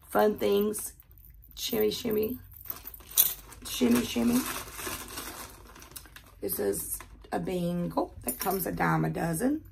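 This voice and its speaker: Chatty Southern woman, gravelly voice. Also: mid-range voice, a little hiss or hum. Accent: Southern American. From American South. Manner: chatty, fast-talking, repeats words. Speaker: jewelry unboxing vlogger. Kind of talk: casual chat while unboxing. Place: quiet bedroom at home.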